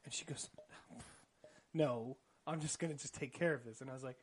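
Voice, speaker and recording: A young man telling an awkward dating story in a casual podcast chat, animated and often laughing. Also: mid-range voice, brisk, slight background noise. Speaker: podcast co-host.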